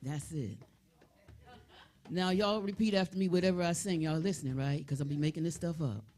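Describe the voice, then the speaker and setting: An older woman leading a congregation in a call-and-response song, lively and chatty, coaxing everyone to join in. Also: low-pitched, brisk. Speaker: song leader. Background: band music.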